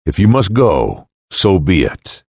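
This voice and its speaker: A gentle, sorrowful younger hermit in a storybook parable, as a man reads his lines. Mild and yielding, slow, husky and low. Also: very animated, dry recording, exaggerated voice.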